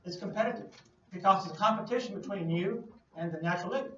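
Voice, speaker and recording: A man's voice: sits high, quick pace, fairly bright tone, a little hiss or hum. Man lecturing in an echoey hall. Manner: playful, uses everyday analogies, asks the class questions. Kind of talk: classroom lecture. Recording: distant, echoey lo-fi classroom recording.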